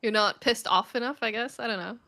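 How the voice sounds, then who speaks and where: A woman's voice: a little high, brisk, bright, forceful tone, no echo. A woman chatting with friends while gaming, teasing and amused. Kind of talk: casual chat over voice call while gaming.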